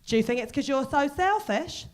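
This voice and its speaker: A woman voicing her doting working-class mother, who reels off a rapid string of pet names. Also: sits high, expressive. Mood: gushing. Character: gushing working-class mum, doting then cutting.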